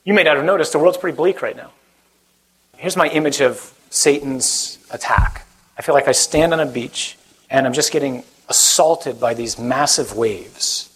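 Man, priest, sermon, breathy voice, conversational, quizzes the crowd. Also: medium pitch, moderate pace, fairly bright tone, low-quality recording. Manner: conversational, joking, quizzes the audience. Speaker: Catholic priest. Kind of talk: sermon to a young audience.

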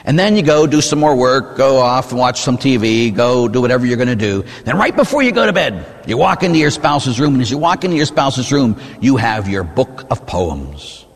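A male priest preaches in a church, his voice swinging widely in pitch as he tells a vivid story. The tone is slightly husky, and a long reverb trails each phrase. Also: moderate pace, hardly any pauses. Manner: animated storytelling, rhetorical questions with "huh?". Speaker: Catholic priest. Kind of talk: sermon.

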